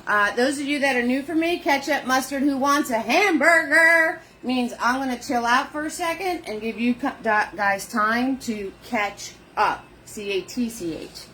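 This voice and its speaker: A woman leading a live painting lesson, chatty and warm with viewers, greeting them by name in sing-song hellos. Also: high voice, a little slow, few pauses, a little hiss or hum. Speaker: painting instructor.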